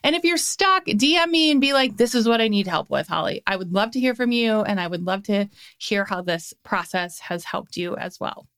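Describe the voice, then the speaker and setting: A woman's voice: mid-range voice, lively intonation, normal speed, hardly any pauses, a bit bright, clean tone. A young adult woman hosting a solo motivational podcast, talking in an upbeat, encouraging way with lots of emphatic repetition, into a podcast mic. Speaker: podcast host.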